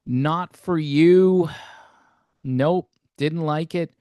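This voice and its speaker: A man's voice: on the high side, very slow, clean tone, no echo, highs cut off. A man hosting his own channel, giving a casual, rambling and self-deprecating album review in a folksy way.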